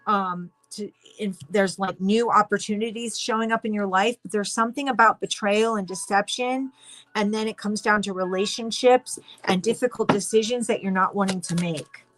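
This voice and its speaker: Excitable woman giving a tarot reading. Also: mid-range voice, moderate pace, over music. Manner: excitable, rambling, many restarts. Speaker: tarot reader. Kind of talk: casual spoken tarot reading.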